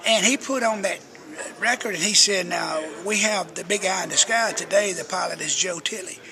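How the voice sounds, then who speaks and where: Folksy older man, high and gravelly. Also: normal speed, music in the background. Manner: folksy, chatty storyteller who acts out quotes. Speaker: interview guest, radio personality. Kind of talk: rambling storytelling interview.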